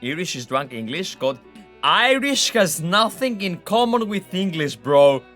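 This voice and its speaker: A young man commenting on a game live, excitable and ranting. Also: high-pitched, unhurried, faint music behind. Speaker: streamer.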